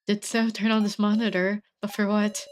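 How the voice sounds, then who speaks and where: A woman's voice: medium pitch, little pitch movement, normal speed, smooth, close to an everyday voice. A woman voicing a despairing teenage girl heroine in a game, reading her earnest inner monologue. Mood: hopeless.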